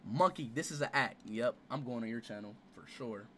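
A young man streaming a racing game, loud, excitable and slangy as he reacts to his chat. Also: medium pitch, moderate pace, a little hiss or hum. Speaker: gaming streamer. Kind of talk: casual live-stream commentary.

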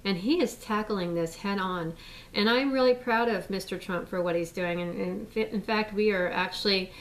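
A woman's voice: mid-range voice, moderate pace. Distant-sounding American woman, rambling. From United States. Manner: rambling, with many fillers and restarts. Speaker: mother speaking out. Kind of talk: casual spoken statement.

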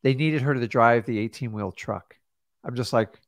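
A man coaching in casual talk, telling animated stories and acting out what people said. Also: mid-range voice, normal speed, dry recording, clean studio sound. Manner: animated storyteller acting out quotes. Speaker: real estate coach. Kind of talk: casual mentoring advice.

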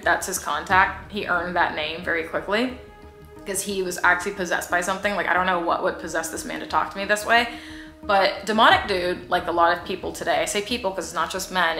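Woman vlogger, chatty and sarcastic storyteller; bright tone, roomy echo. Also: mid-range voice, brisk, faint music behind. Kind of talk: casual storytime vlog.

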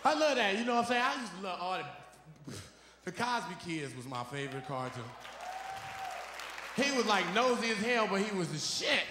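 High-pitched, loud stand-up comedian man. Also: normal speed, pauses often, background noise. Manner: loud, animated, breaks into song and rhymes. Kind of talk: stand-up comedy with singing and freestyle rap. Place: large comedy venue stage. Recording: echoey live hall with music and crowd. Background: audience laughter and music.

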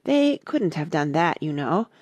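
A woman's voice: medium pitch, very animated, moderate pace, creaky, a little mellow, dry recording, pitched above the performer's own voice. A woman voicing a curious, polite young girl who asks earnest, cautious questions.

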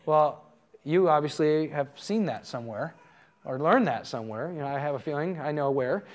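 A man's voice: fairly high pitch, animated, normal speed. Earnest storytelling man speaking to a crowd. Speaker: conference speaker. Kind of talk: teaching talk to a live audience.

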